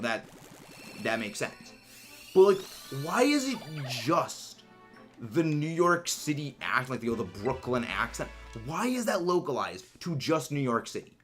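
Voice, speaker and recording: Male streamer, casual and rambling, restarts often, animated intonation, music low in the background. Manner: rambling, musing, many fillers and restarts. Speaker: livestreamer. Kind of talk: casual chat while gaming.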